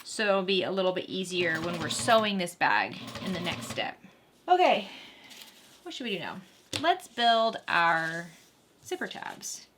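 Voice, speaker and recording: A woman with a lowish, sing-song voice takes her time leading a casual sewing tutorial, chatting and laughing with viewers while she sews. There is background noise, including a sewing machine whirring faintly.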